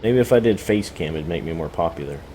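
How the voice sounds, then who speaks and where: A man's voice: deep voice, lively intonation, fast talker, warm tone, slight background noise, poor audio. A man streaming a farming game, chatting in a rambling, self-mocking way with lots of "you know" fillers. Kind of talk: rambling live-stream chat. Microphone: desk microphone, no camera.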